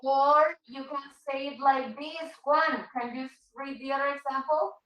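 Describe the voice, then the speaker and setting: High-voiced woman teaching English in an echoey room. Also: steady tone, unhurried, pushed and bright, far from the mic. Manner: patient, switches to Spanish to explain. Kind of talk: online English class.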